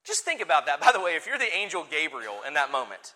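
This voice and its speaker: A man preaching a sermon, moving from quiet conversational asides to loud, forceful declarations. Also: on the high side, fast. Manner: animated, swings from soft asides to forceful declarations. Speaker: pastor.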